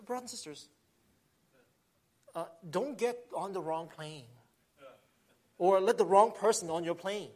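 Earnest preaching man, slightly high voice. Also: a little slow, long pauses, a little mellow. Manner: earnest preaching with swells of emphasis and frequent restarts. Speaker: pastor. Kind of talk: sermon.

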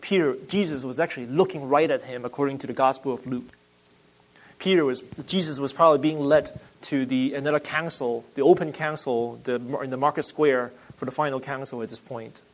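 A male pastor preaching a sermon, explaining scripture conversationally with restarts, swelling into urgent emphasis and then dropping to quiet asides. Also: medium pitch, poor audio.

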